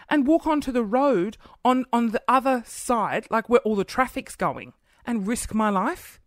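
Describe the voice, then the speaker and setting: A woman of thirty rants through a casual podcast monologue, exasperated and swearing freely as she acts out little scenes. Her pitch swoops up and down with lively animation. The recording is dry and close, made at home beside her computer. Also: moderate pace, no echo. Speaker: podcast host.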